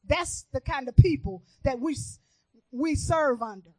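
A woman minister from Chicago preaching a sermon in an earnest, testifying way, moving between hushed and emphatic. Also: high voice, expressive, unhurried, no echo, low-quality recording.

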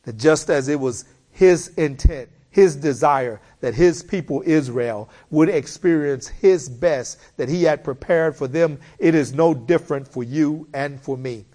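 A man preaching a sermon, slow and emphatic, building repeated appeals to his listeners. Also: on the high side, mellow.

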